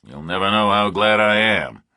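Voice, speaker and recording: A man's voice: fairly low pitch, animated, normal speed, sharp tone, no echo, studio quality. A man playing a blunt, terse lone hero. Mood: firm. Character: blunt, steady ex-military drifter hero.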